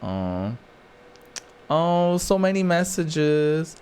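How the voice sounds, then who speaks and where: A man's voice: mid-range voice, expressive, slow, darkish tone. A man streaming a video game, reacting aloud and reading the on-screen text messages, audibly moved with sighs and half-laughs. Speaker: gaming streamer. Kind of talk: let's play commentary.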